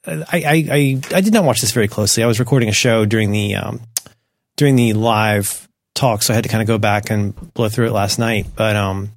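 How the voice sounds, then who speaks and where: A man co-hosting a casual tech podcast, talking in animated bursts with skeptical, self-deprecating asides, on a close microphone. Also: lowish voice, brisk, no echo. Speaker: podcast co-host.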